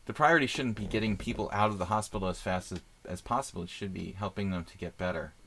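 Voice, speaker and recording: Low-pitched, fast and a bit bright, a middle-aged man chats casually on a chess live stream while playing. He narrates his thinking about moves with plenty of fillers, over slight background noise.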